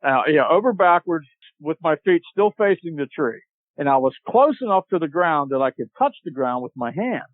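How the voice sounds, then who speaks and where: A man's voice: fairly high pitch, normal speed, dry recording. Man telling a story over a tinny line. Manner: animated storyteller, acts out shouted quotes. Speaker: podcast guest. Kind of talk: storytelling in a casual chat. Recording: tinny phone-like line, dry.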